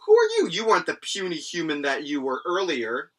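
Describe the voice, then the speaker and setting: A man voicing a drunk, jovial and boastful hulking male warrior in a loud, blustering way while recapping an anime. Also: a little high, normal speed, noisy background, close to an everyday voice.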